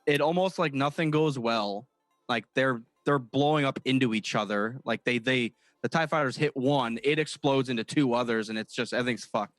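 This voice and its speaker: A man co-hosting a casual comedy podcast who talks in halting restarts and swears as he rants. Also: medium pitch, a bit bright, no room sound, studio quality, soft background music. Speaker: podcast co-host.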